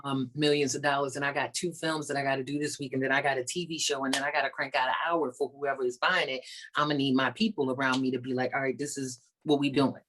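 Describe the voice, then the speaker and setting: A woman stand-up comedian chatting as an interview guest, telling stories in an animated way and acting out the people she quotes, over a video call. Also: very deep voice, fast talker, slight background noise. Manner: animated storyteller, acts out quoted voices. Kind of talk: casual interview chat.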